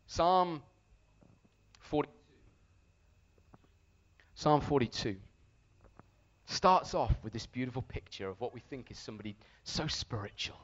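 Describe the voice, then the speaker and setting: A man preaching a sermon to a congregation, telling a story with animated, shouted re-enactments. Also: mid-range voice, a little slow, long pauses, lo-fi sound.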